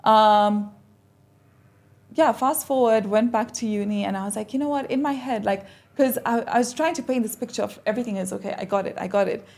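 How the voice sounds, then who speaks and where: A young woman, a podcast guest, telling a personal story in a casual, animated way and acting out the conversations she recalls. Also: mid-range voice, brisk. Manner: animated, acts out quoted exchanges.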